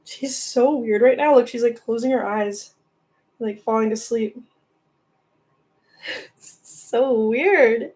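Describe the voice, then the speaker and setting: Young woman, livestream host, casual and giggly, slightly high voice, coos at her pet. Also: fairly even intonation, slow pace, long pauses, a little mellow. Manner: chatty, giggly, coos baby talk at her cat.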